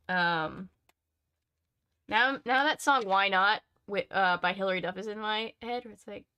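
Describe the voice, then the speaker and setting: A woman's voice: medium pitch, animated, normal speed, pushed and bright, clear, resonant tone. A woman streamer reading a children's horror book aloud, chatting casually with her viewers between passages. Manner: chatty, uses many fillers. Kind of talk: read-aloud narration with casual chat.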